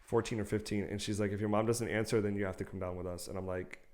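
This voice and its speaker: A man's voice: lowish voice, fast. A young man co-hosting a podcast, telling a personal story in casual chat, swearing freely and acting out the people he quotes. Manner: animated, swears often, acts out quotes. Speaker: podcast co-host.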